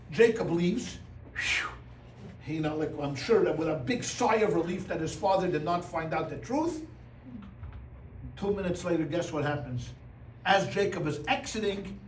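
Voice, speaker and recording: A man, a rabbi, teaching a Torah class to a small audience in lively storytelling style, acting out voices with Yiddish exclamations and humor. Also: on the high side. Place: room with a live audience. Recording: roomy sound from a distance, faint room noise.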